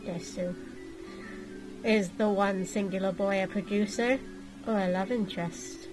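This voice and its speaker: Woman doing a deadpan anime schoolgirl. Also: mid-range voice, measured pace, music in the background, lightly acted, rough recording. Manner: flat robotic delivery ending lines with "desu". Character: eccentric nearly headless anime schoolgirl.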